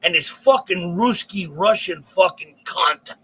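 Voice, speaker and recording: A man co-hosting a comedy podcast, telling a rambling, profane, animated story. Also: high-pitched, takes it slowly, background noise.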